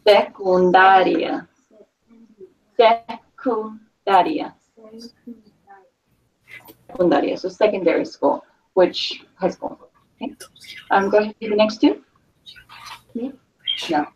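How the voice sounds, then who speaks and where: A woman's voice: mid-range voice, moderate pace, pauses often, darkish tone, a little hiss or hum. Woman teacher recorded from afar. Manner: chatty, checks in with frequent "okay?". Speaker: Spanish teacher. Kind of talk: classroom teaching. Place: classroom. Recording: distant, dull lo-fi classroom recording.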